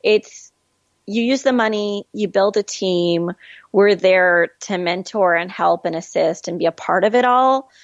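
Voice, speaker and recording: A woman guest on a podcast, speaking in an animated, candid way and laughing easily. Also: medium pitch, measured pace, dry recording. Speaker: guest, film distribution manager. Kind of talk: casual interview chat. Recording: dull lo-fi call audio.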